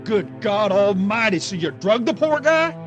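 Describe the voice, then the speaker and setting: A man's voice: high voice, very animated, measured pace, over music. Guy doing a hothead boyfriend, blustery, voice jumps around a lot. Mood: agitated. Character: hot-tempered man, the schemer's lover.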